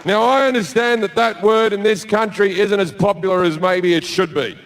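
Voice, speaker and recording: A man's voice: high-pitched, moderate pace, background noise. A man with an Australian accent doing stand-up, brash and profane, acting out all the characters in his story. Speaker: stand-up comedian.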